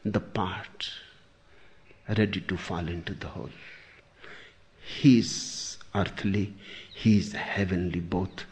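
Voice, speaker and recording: A man giving a spiritual discourse, deliberate, pausing often, with sudden emphatic lines. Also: low voice, steady tone, a little mellow. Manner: slow, deliberate, with long pauses and sudden emphasis. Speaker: spiritual teacher.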